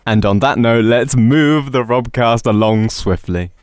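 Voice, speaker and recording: A man hosting a radio show, teasing and quick to laugh in casual studio banter. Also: mid-range voice, a little mellow, no echo.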